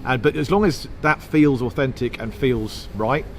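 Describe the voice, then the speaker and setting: A man from England, a comedian and comedy writer, chatting casually in an interview. He rambles on in long stretches, restarting his sentences and poking fun at himself, at an average pitch. A faint hiss of noise sits under his voice. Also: moderate pace. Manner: rambling, self-deprecating, talks in long runs with restarts.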